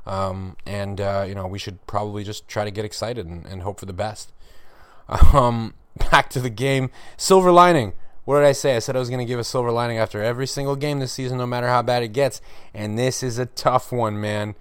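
A man's voice: medium pitch, fairly even intonation, a little fast, clear, resonant tone, no room sound. A man hosting a solo hockey podcast, talking candidly and wryly with lots of fillers and restarts. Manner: candid, wry, self-deprecating, with frequent fillers. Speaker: podcast host. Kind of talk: solo sports podcast commentary.

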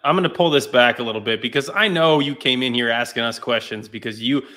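A man's voice: mid-range voice, fast talker, bright, forceful tone. A man hosting a casual podcast, asking long, rambling, effusive questions of his guest. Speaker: podcast host.

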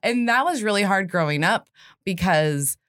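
A woman's voice: medium pitch, animated, moderate pace, fairly bright tone, dry recording, clean studio sound. A woman co-hosting a podcast in casual chat, talking candidly, swearing freely and laughing often. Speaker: podcast co-host.

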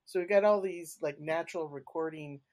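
Woman telling ghost stories in an unhurried way. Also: low-pitched, darkish tone. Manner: unhurried, with frequent fillers and restarts. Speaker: podcast guest, paranormal investigator. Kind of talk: casual interview storytelling.

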